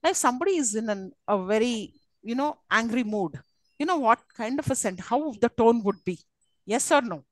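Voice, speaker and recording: A university English lecturer with a somewhat high, animated voice teaches a live class at a moderate pace. She explains patiently, using many fillers and putting questions to her students. The audio is poor, with no room sound.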